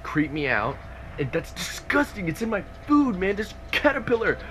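A man's voice: sits high, moderate pace. Profane, rambling young man vlogging. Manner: profane, rambling, excitable ranting. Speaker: travel vlogger. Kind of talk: casual vlog talk to camera. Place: outdoors and in cafes while traveling. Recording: noisy outdoor camera audio.

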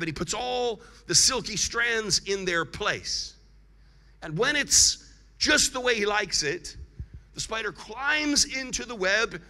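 A man preaching a sermon as guest evangelist, leading the congregation in call-and-response and building to loud, emphatic shouts. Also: sits high. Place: large church hall. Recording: long hall reverb from a large church.

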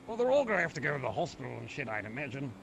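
A man's voice: mid-range voice, big pitch swings, very fast, gravelly, background noise. A man talking with a put-on Scottish accent, exclaiming and swearing through role-play banter.

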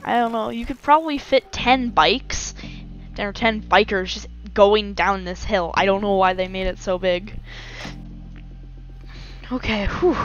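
A woman's voice: mid-range voice, a little slow, long pauses, dull audio, soft background music. A woman giving casual gameplay commentary, self-mocking, with frequent exclamations and sighs of relief.

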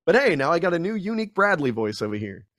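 Animated man telling stories, dry sound. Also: fairly high pitch, quick pace, dry recording. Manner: animated storyteller, acts out quotes in voices. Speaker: guest actor and screenwriter. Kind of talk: casual interview chat.

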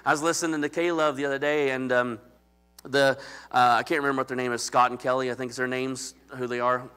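Bright-voiced man preaching a sermon. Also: medium pitch, level tone, a little fast, smooth. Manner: emphatic, conversational preaching, calling out to the congregation. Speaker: pastor.

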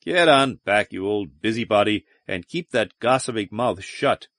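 A man voicing Donovan, a weary, hardened soldier commander in an audiobook, with a low, clipped and brooding delivery. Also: expressive, unhurried, fairly bright tone, dry recording, studio quality. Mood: gruff.

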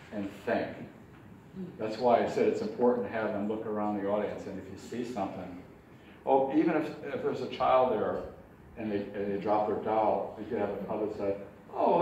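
Man teaching puppetry in an echoey hall. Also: fairly low pitch. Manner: relaxed, chuckling, demonstrates with examples. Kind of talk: informal workshop lesson. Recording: echoey hall from far off, faint ambient noise.

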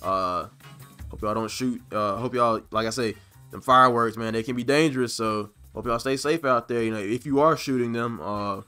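A drawling man hosts a gaming video in a mid-pitched voice, rambling and stumbling with plenty of filler words. His throat is sore from laughing, and soft game music plays behind him. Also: normal speed, clean tone. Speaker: gaming channel host. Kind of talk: casual gameplay commentary.

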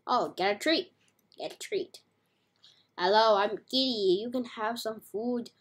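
Husky-voiced woman gaming, slow and playful. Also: fairly high pitch. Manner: playful, chatty, slangy. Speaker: game streamer. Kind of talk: casual gameplay commentary.

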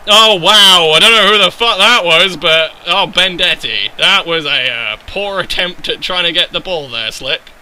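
A young man giving sweary, excitable commentary over a football video game, breaking into loud outbursts and then dropping to low mutters. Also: moderate pace, hardly any pauses, slight background noise, poor audio. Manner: excitable and sweary, yelling at his players. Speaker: gaming YouTuber. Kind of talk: live gameplay commentary.

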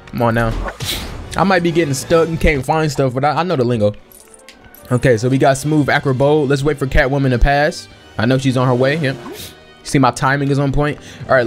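A young man in casual let's-play commentary, excitable and slangy, talking to himself and his viewers while he plays, a little sniffly. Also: medium pitch. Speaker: gaming channel host.

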